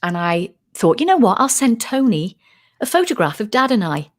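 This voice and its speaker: Speaking at a moderate pace with a medium-pitched voice, this middle-aged woman from the UK is a UFO researcher appearing as a guest. In a relaxed interview she relates a story lively, performing the quoted voices.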